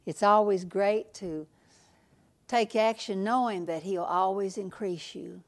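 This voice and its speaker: A woman preacher delivering a sermon at an unhurried, deliberate pace. Her voice carries a gravelly, creaky edge, and she presses her points home through repetition. She sometimes sinks to a near-whisper for asides. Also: mid-range voice.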